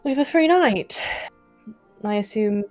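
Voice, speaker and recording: A woman's voice: on the high side, animated, measured pace, a little mellow, faint music behind. A woman playing a tabletop game, chatting casually and hesitating with frequent "um"s. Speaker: player.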